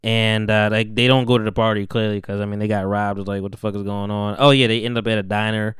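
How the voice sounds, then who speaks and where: A man's voice: on the low side, level tone, fast, fairly bright tone, smooth, no echo, studio quality. A young man hosting a podcast, recapping a TV episode in casual, slangy chat and acting out the characters' lines. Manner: slangy, laid-back, acts out characters' lines. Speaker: podcast host.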